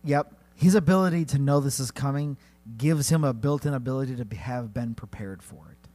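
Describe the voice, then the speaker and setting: A man co-hosting a comedy podcast, narrating a silly battle with lively delivery and sudden high-pitched character voices. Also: brisk, faint music behind. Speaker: podcast co-host. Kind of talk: comedic storytelling banter.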